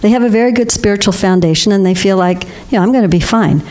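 A woman's voice: mid-range voice, fast, crowd noise. An older woman speaking as guest speaker to a congregation, telling stories with frequent laughter. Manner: warm storytelling with frequent laughter. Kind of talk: spiritual talk to a congregation.

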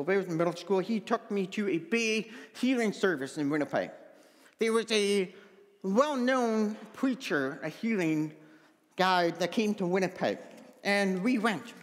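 A high-pitched, slightly bright voice belongs to a Manitoba, Canada pastor with a deaf, hard-of-hearing accent, who offers an earnest personal testimony in a sermon. He's in a church sanctuary that sounds like a large hall.

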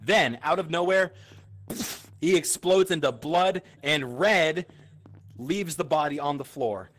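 A man's voice: on the high side, expressive, slow pace, fairly bright tone. Playful man telling a story mid-game. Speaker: player in a multiplayer game. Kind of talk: casual gaming chatter.

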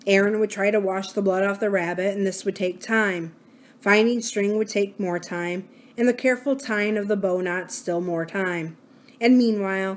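A woman hosting a library reading series, reading a novel aloud in a steady, measured way. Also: medium pitch. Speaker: library book-reading host.

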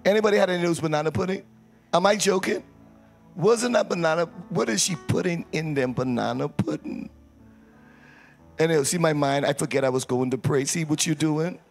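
Playful pastor leading a church service. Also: male voice, fairly high pitch, a little fast, vocal fry, soft background music. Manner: playful, teasing, call-and-response with congregation. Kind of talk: church service announcements and prayer. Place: church sanctuary.

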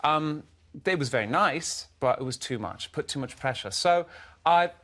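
Animated male pop singer telling stories. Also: a little high, normal speed. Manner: animated storyteller, quotes himself and others. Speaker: guest singer. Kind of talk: casual chat. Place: TV studio sofa.

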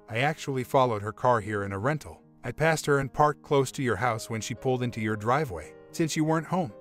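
A man reading a relationship story aloud, voicing every part in one steady voice. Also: mid-range voice. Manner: reads all parts in one even voice. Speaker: story narrator. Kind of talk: scripted narration of a relationship story. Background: faint music.

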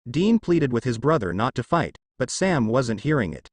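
A man reading fanfiction aloud as narrator in a plain, steady manner. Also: medium pitch, normal speed, hardly any pauses, no room sound, clean studio sound.

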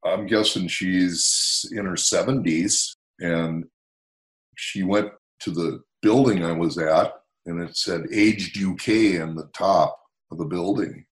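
A man's voice: deep voice, takes it slowly. An American man in his sixties, a motivational speaker telling stories in a casual conversation and acting out the dialogue. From United States. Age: 60s. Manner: animated storyteller, acts out quoted dialogue.

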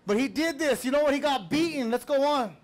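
Guy pastor w a really high voice, preaching hard, chatty then shouting. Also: expressive, brisk. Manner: fervent, conversational preaching with rising shouts. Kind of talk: sermon.

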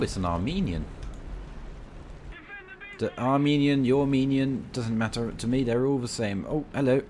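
A man's voice: mid-range voice, darkish tone, a little hiss or hum. A young British man playing a tank game and talking through it in rambling, cheeky banter. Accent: British English. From Britain. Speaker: gaming channel host.

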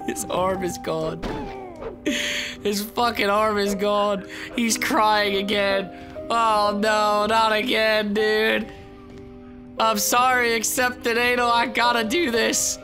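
A young man doing profane, excitable let's-play commentary as a gaming YouTuber, swinging between low growled taunts and shrieks. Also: slow, over music.

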